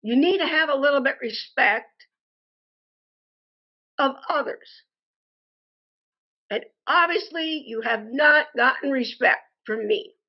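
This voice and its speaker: A frustrated woman delivering an indignant complaint monologue, speaking deliberately and calling her listeners "folks". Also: sits high, muffled recording. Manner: slow, deliberate and indignant, addresses viewers as "folks". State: frustrated and angry. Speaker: customer posting a complaint review.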